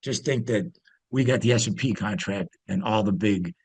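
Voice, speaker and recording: Guest: husky man, dry close sound, rambling storyteller with lots of fillers. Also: lowish voice, normal speed, darkish tone, no echo. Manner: rambling, many fillers and restarts. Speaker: interview guest, former pit trader. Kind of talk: casual storytelling.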